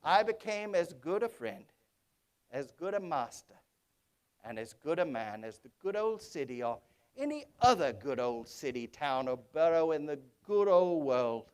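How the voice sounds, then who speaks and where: A man acting out an old reformed miser, bubbling with giddy delight at one moment and murmuring low and tender the next. The stage telling is theatrical, full of chuckles and sweeping leaps of pitch. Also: measured pace, clear, resonant tone. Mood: earnest. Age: older. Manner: exuberant, chuckling, switches between high excitement and low hushed narration. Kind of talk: theatrical storytelling monologue.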